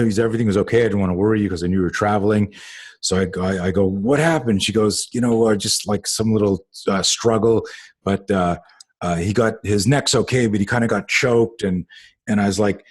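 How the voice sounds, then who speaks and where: A man hosting a self-defense talk show, telling a long story in a lively way and acting out the people he quotes. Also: on the low side, moderate pace, breathy edge. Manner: animated, acts out quoted voices, many fillers. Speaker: host and self-defense coach. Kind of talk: conversational storytelling.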